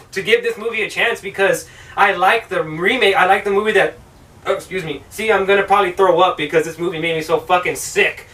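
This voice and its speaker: Male vlog host, sharp bright tone, profane and exasperated film critic, slightly distant mic. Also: sits high. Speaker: film reviewer, show host. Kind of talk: ranting film review.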